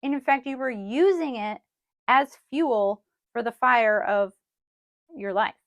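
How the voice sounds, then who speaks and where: A woman's voice: a little high, lively intonation, takes it slowly, dry recording, clean studio sound. A woman co-hosting a podcast, talking casually and chiming in to finish her partner's thoughts. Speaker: podcast co-host.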